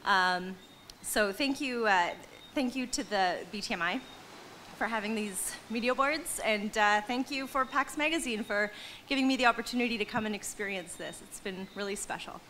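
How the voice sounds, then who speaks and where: A woman's voice: mid-range voice, normal speed, pushed and bright, slight background noise. A woman finalist giving a short acceptance speech, hesitant and full of ums as she thanks the organisers. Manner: hesitant, with frequent ums and uhs.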